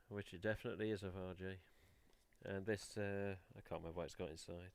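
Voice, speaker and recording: A man's voice: low voice, fairly even intonation, fast, smooth, dry recording. A man with an English accent hosting a casual live stream, chatting and mildly swearing while he rummages through boxes on a headset mic. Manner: chatty, mild swearing, talks while handling items. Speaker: host of a collectors' live stream.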